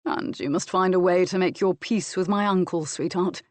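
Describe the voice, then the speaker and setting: A woman's voice: lowish voice, normal speed, no room sound, lightly acted. A woman voicing a stern but fond Scottish earl scolding his wife, in an audiobook. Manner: firm, scolding, then teasing.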